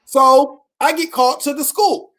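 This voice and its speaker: A woman's voice: sits high, fairly even intonation, measured pace, a bit bright. A woman, telling a personal story in a casual, preachy way, repeating questions and acting out the people she quotes.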